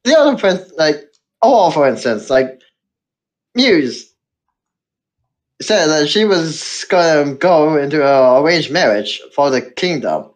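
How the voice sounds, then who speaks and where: Animated low-voiced woman listing her points. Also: unhurried, long pauses. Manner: animated, lists points from notes. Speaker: podcast co-host. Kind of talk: casual podcast chat.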